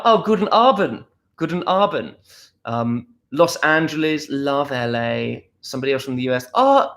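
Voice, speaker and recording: A young man from Essex hosting a casual livestream at home, reading out viewer comments in a chatty, playful, self-deprecating way. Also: mid-range voice. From Essex, England. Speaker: livestream host. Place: at home, indoors.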